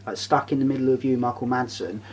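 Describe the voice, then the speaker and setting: A man's voice: medium pitch, steady tone, quick pace, a little hiss or hum, poor audio. A man in casual chat, ranting and swearing, repeating himself for effect.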